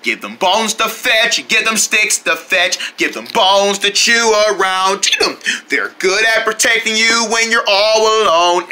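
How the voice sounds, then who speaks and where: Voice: mid-range voice, sharp tone. A children's show host narrating in a cheerful sing-song, talking straight to young viewers.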